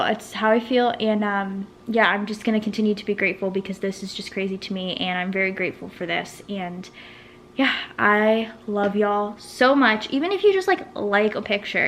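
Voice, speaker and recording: A woman, vlogging at home in a nervous, excitable, rambling way full of restarts. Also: mid-range voice, vocal fry, slight background noise. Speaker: vlogger and small business owner. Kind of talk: casual vlog chat to camera.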